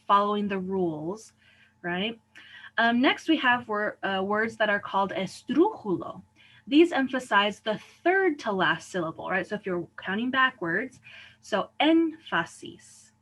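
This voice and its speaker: A woman teacher explaining a lesson in clear steps, often checking in with "right?". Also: mid-range voice, a bit bright. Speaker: Spanish teacher. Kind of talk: recorded lesson.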